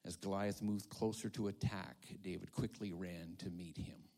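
A male pastor giving a dramatic sermon, swinging from hushed whispers to loud calls. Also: low voice, fairly even intonation, normal speed, creaky.

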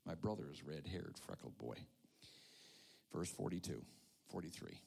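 A male pastor giving a dramatic sermon, swinging from hushed whispers to loud calls. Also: low voice, lively intonation, unhurried, gravelly, slightly rough.

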